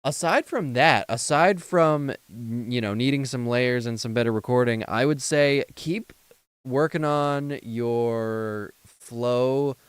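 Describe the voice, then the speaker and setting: A man's voice: medium pitch, takes it slowly, clear, resonant tone, no echo. A man streaming late at night, tired and yawning, giving a viewer rambling, filler-heavy advice on mixing and flow. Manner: rambling, full of fillers and restarts, gives mixing tips. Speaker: streamer reviewing a viewer's song. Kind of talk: casual feedback chat on a livestream.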